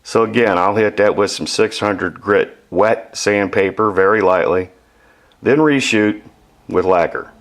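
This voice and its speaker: A man's voice: lowish voice, unhurried. A man chatting casually while he explains his model-building work, self-deprecating and explanatory. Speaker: model maker. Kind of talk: casual workshop narration.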